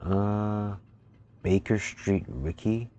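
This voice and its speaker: A man's voice: fairly low pitch, extremely slow, warm tone. A young man giving casual, amused let's play commentary, thinking aloud as he plays. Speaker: gaming video host. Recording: home mic with faint hiss.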